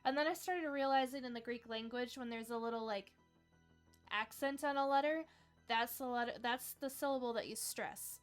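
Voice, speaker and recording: A woman's voice: a little high, moderate pace, clear, resonant tone, faint music behind. A young woman hosting a casual livestream trivia game, chatty and upbeat, dropping "like" often as she talks to viewers.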